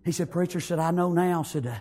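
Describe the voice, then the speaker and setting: High-pitched preacher guy, fired up, amen after every line, shouts sometimes. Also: quick pace. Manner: fervent, repeats "praise God" and "amen", rises to shouts. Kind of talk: sermon.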